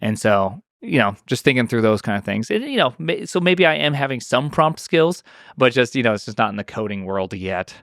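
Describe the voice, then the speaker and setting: A man talking as a podcast guest in casual conversation, rambling and animated, with lots of restarts and fillers. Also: mid-range voice, brisk, gravelly, no echo, studio quality.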